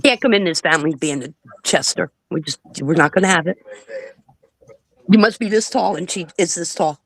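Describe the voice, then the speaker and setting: A woman's voice: fairly low pitch, normal speed, no echo. A middle-aged woman from the northern US hosting a livestream, cursing freely while she tells stories and imitates other people. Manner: profane, storytelling, mimics others. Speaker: livestream host. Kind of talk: casual livestream chat.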